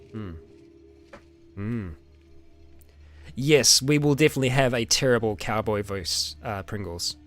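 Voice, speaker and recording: Answering questions from his viewers, a young roleplay channel host with an Australian or New Zealand accent chats casually in a medium-pitched voice. He rambles in a relaxed way, dropping plenty of ums and little laughs.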